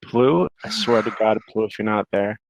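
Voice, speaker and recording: A man's voice: on the low side, animated, normal speed, a little hiss or hum, low-quality recording. A man moderating a live call-in, jokingly moving things along between callers. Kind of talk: casual live chat.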